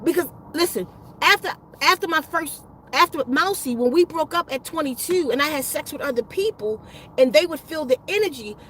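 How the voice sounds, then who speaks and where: High-voiced woman, casual storyteller, loose and profane, circles back mid-sentence. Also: animated, moderate pace, a bit bright, a little hiss or hum, poor audio. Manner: rambling and profane, with restarts and slang. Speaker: spiritual vlogger.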